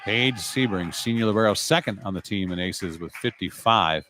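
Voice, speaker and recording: A man's voice: fairly low pitch, pushed and bright, a little hiss or hum. Man calling a volleyball match live. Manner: brisk, conversational, chatty asides. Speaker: play-by-play announcer. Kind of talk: live sports commentary.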